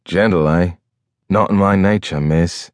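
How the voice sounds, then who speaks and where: A male narrator voicing a rugged ship captain with quiet authority in an audiobook. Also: unhurried, dry recording. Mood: intimate. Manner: quiet authority, low and intimate. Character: rugged older sea captain, calm and commanding. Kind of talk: audiobook character voice.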